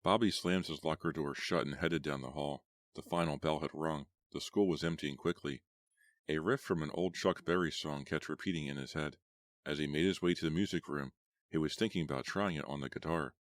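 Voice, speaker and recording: A man with an extremely low, deep voice reads a teen horror novel aloud. His telling is steady and even, and the close, dry recording has almost no room sound. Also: fairly quick, no echo. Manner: even storytelling, voicing characters lightly. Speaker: audiobook narrator.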